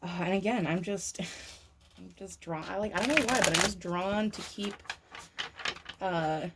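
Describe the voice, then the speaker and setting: A woman's voice: medium pitch, unhurried, heavy background noise. A young woman giving a casual, rambling tarot reading to camera. She uses lots of fillers and swears casually. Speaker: tarot reader.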